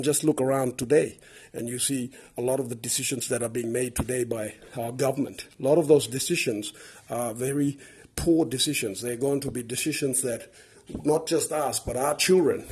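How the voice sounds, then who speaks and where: A Papua New Guinean man with a matching English accent hosts an earnest advocacy podcast monologue, speaking with passion, repeating words and building up lists. His husky, darkish voice sits mid-range, steady in tone at a moderate pace.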